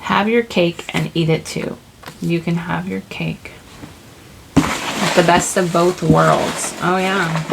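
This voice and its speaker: Gravelly-voiced woman giving a tarot reading. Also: fairly low pitch, fairly even intonation, slow, background noise. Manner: rambling, searching for words, full of "like" and "you know". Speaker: tarot reader. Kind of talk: casual spiritual reading.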